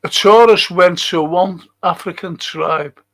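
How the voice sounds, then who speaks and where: A gravelly, husky man rambling through a late-night livestream. He talks slowly and swears freely, chuckling to himself between thoughts. His voice sits a little high for a man. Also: a bit bright. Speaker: livestream host.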